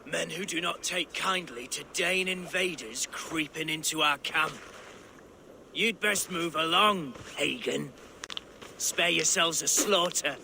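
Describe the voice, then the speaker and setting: An actor playing a hostile Saxon camp leader with an English accent, menacing and gravelly. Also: male voice, a little high, slow, sharp tone, heavily acted. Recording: game audio with noise.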